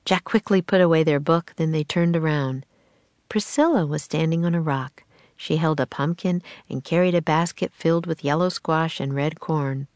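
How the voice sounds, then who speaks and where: A woman narrating a children's storybook aloud in a measured, expressive way. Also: deep voice, no echo. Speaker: audiobook narrator.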